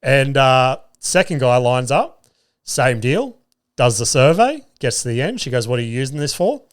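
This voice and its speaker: A young adult man with an Australian accent, telling a story on his podcast. He acts out each exchange and swears freely, at an average pitch. The recording is dry and close. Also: normal speed, no room sound. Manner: animated storyteller acting out dialogue, swearing freely. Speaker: podcast host. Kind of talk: casual storytelling.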